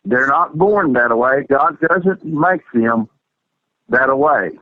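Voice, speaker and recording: A man's voice: mid-range voice, lively intonation, slow, no room sound. A man calling in to a radio show, earnestly quoting scripture. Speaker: caller. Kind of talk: call-in radio comment. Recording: tinny phone line.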